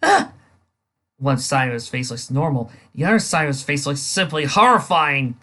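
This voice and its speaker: A comic reader narrating panels aloud, animated, sometimes stumbling over words. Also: medium pitch, brisk. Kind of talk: reading a comic aloud with voices.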